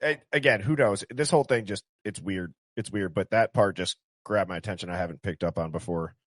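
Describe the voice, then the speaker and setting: A man's voice: lowish voice, brisk. A man hosting a stream, commenting on a clip in a musing, puzzled way. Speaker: stream host.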